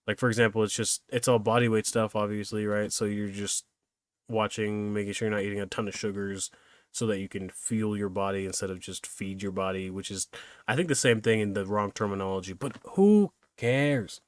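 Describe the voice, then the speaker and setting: A man's voice: on the low side, steady tone, fairly quick, dry recording, clean studio sound. A young man hosting a solo podcast, rambling and self-deprecating, laughing easily as he chats. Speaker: podcast host.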